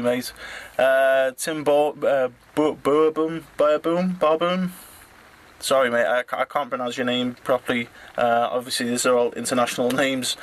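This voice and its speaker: A middle-aged man from England thanking his online community, halting with many fillers and stumbling over names. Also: medium pitch, a bit bright. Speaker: drone hobbyist vlogger. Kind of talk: casual thank-you message to viewers.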